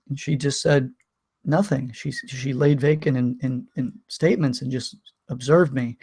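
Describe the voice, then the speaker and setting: A man candidly recounting a painful personal story in a vlog, emotional, with many restarts and pauses. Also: medium pitch, steady tone, darkish tone, husky. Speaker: vlogger.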